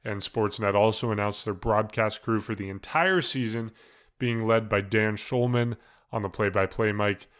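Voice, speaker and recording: A man's voice: lowish voice, normal speed, a bit bright. A man hosting a casual sports podcast, chatty and laughing often as he runs through the news. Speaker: podcast host.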